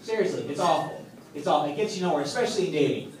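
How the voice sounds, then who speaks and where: Male stand-up comic, slightly high voice, punchy exasperated delivery, echoey club recorded from afar, audience noise behind. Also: racing. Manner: punchy, exasperated storytelling with loud outbursts. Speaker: stand-up comedian. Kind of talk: stand-up comedy set. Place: comedy club stage. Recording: echoey club room from a distance. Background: audience laughter and club ambience.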